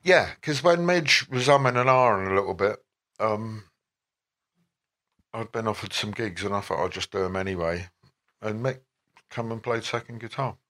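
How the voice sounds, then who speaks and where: Bright-voiced man telling stories. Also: on the low side, normal speed, pauses often. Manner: rambling, animated anecdotes with quoted voices. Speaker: interview guest. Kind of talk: anecdotal storytelling.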